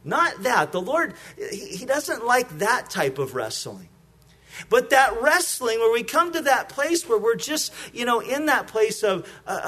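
A man's voice: high-pitched, fairly bright tone. A man who is a pastor, giving a conversational sermon, often repeating words as he starts a thought and acting out short prayers and exchanges. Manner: acts out prayers and small exchanges in a lighter voice.

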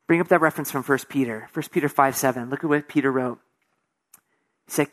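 A man preaching a sermon, moving between soft, hushed passages and raised, emphatic stretches, with casual asides and acted-out voices of people in the story. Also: mid-range voice, fairly quick, pauses often. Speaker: pastor.

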